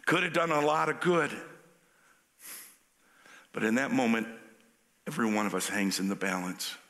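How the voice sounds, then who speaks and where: Gravelly-voiced male pastor preaching. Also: medium pitch, normal speed. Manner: animated, conversational preaching. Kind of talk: sermon.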